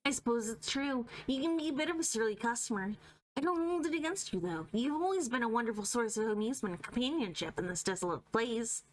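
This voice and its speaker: A woman's voice: fairly high pitch, lively intonation, quick pace, natural voice. A woman voicing a polite, earnest young woman in a comic read-aloud, sweet and overly courteous.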